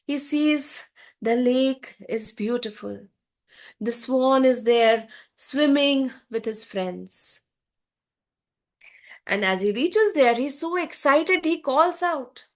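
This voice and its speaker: A woman storyteller narrating an animal fable in an expressive, sing-song way. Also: sits high, slow pace, pauses often.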